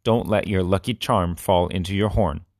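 Guy doing a nice patient band teacher, gentle and encouraging, low voice. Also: steady tone, moderate pace, dry recording, studio quality. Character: kind patient male band leader.

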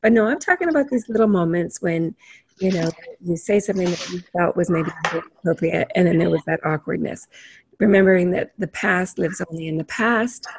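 A woman's voice: fairly low pitch, fairly quick, slight background noise. A woman leading a self-help panel discussion, reading points from a list and asking the group encouraging questions. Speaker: group facilitator.

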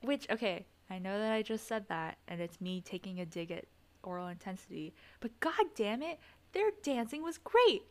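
A woman's voice: medium pitch, very animated, moderate pace. A young woman co-hosting a casual recap podcast, exasperated, swearing and laughing often. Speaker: podcast co-host.

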